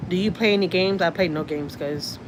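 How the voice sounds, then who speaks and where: A woman's voice: on the low side, fairly quick, background noise. A woman from Houston, Texas with a Houston accent, chatting casually with viewers on a livestream from a car, reading comments and swearing freely. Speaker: vlogger, channel host. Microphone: phone.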